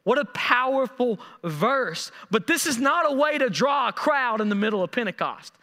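A man preaching a sermon, animated and repeating words as he acts out scripture quotes. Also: very high voice, moderate pace, big-room sound. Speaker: pastor.

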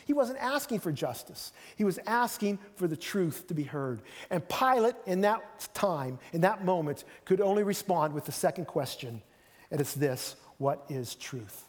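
A man's voice: sits high, slightly rough, long reverb tail. A man preaching a sermon in a conversational way, often repeating phrases and acting out quotes.

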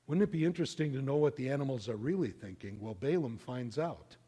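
A middle-aged man preaching a sermon, telling a story in an animated, conversational way. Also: mid-range voice, quick pace, husky. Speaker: pastor.

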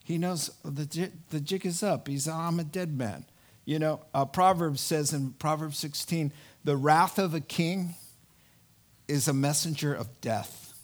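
A man preaching a sermon, telling a Bible story with animated energy and acting out the characters' lines. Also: on the high side, unhurried. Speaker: pastor.

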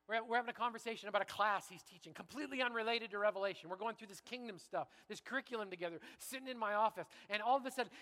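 A man from Canada preaching a sermon, moving from quiet reflection to loud, rousing repetition before his congregation. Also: sits high, long reverb tail. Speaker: pastor.

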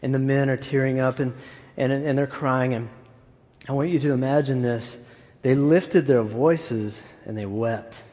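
A man's voice: mid-range voice, fairly even intonation, unhurried, mellow. A man preaching a sermon as pastor in a casual, enthusiastic way with asides. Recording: echoey hall.

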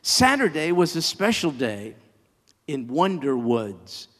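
A man preaching a sermon, reading a children's story aloud with lively storytelling and playful asides. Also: on the high side, slow pace, big-room sound.

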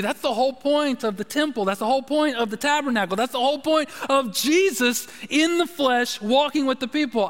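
A man's voice: extremely high pitch, fairly quick, few pauses, a bit bright. A man preaching a sermon as pastor, emphatic and repetitive, often restarting his phrases. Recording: long hall reverb.

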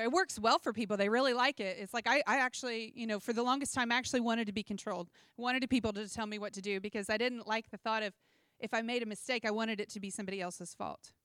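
Young woman giving a chatty sermon, bright crisp voice, dry close sound. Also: fairly high pitch, dry recording. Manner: conversational and animated, with asides and self-deprecating humor. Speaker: preacher.

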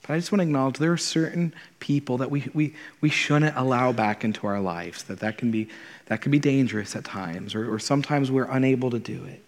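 With a medium-pitched voice and a slightly fast pace, a pastor in his thirties gives an earnest, conversational sermon. He tends to repeat words when beginning a thought, and long hall reverb fills the church sanctuary recording.

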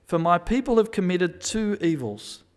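A man preaching a sermon, moving between quiet reflection and loud, emphatic pleading. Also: sits high, expressive, moderate pace, clear, resonant tone.

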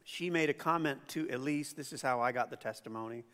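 A man preaching a sermon as pastor, conversational and animated, acting out quotes as he tells stories. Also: medium pitch, fairly quick, in a large hall. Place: church auditorium.

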